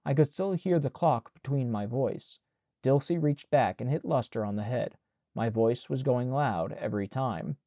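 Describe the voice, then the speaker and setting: A man narrating an audiobook in a measured, plain and even manner. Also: medium pitch, no echo, clean studio sound. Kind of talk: scripted narration.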